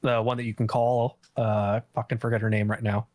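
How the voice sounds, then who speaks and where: A man's voice: lowish voice, level tone, brisk, a little mellow, no room sound. A man guest gossiping on a stream, blunt and rambling, swearing often. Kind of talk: casual gossip chat.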